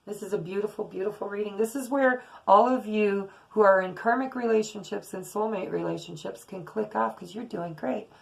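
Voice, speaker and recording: A woman's voice: medium pitch, fairly quick, vocal fry, hardly any pauses, poor audio. A middle-aged woman giving a casual, earnest tarot reading to her viewers, often repeating words for emphasis. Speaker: tarot reader.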